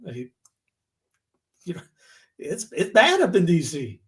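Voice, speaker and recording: A man's voice: fairly high pitch, wildly swooping pitch, slow pace, a bit bright. A man co-hosting a podcast, rambling in casual chat, laughing and acting out quotes in little voices. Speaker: podcast co-host.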